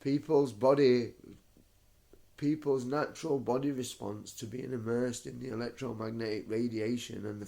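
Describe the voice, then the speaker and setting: A man's voice: medium pitch, gravelly, mellow. A young man, feverish and shivering, rambling at home in a repetitive way and calling the listener mate. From United Kingdom. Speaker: vlogger. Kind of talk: rambling home video monologue. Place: his home.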